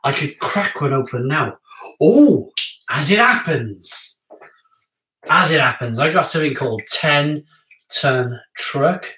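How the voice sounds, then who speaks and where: A man reviewing craft beer on a live stream in casual, excitable chat with his viewers. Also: mid-range voice, moderate pace, recorded from a distance. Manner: chatty, excitable, talks to viewers. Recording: echoey room, off-mic.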